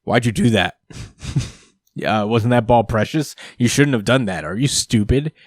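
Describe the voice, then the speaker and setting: A man's voice: mid-range voice, animated, unhurried, no echo. A bratty young gorilla brother from a comic, scornful and dismissive, as a man quotes him while retelling the story. His voice stays close to an ordinary talking voice. The sound is dry and close.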